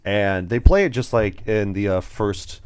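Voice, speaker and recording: A man's voice: lowish voice, animated, a little slow, smooth. A young man co-hosting a casual movie review podcast, rambling through scenes and acting out lines in little voices. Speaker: podcast co-host.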